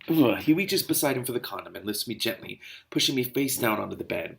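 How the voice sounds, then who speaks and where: A man's voice: medium pitch, expressive, quick pace, gravelly, few pauses, fairly bright tone. A man reading a novel aloud and breaking off into exasperated, sarcastic commentary. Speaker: reader and commentator.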